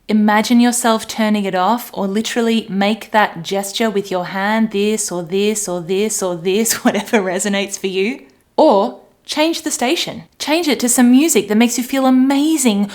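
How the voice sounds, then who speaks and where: A woman talks through a coaching lesson to camera in a middling, even-pitched voice. She is chatty and upbeat, slipping into little acted snippets to make her points. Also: normal speed. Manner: warm-hearted, chatty, acts out voices playfully. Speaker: life coach. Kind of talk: solo coaching talk to camera.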